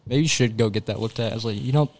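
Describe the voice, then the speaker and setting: A young man on a podcast, chatting casually, quick to chime in and chuckle, calling his friends bro and dude. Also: fairly low pitch. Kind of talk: casual chat.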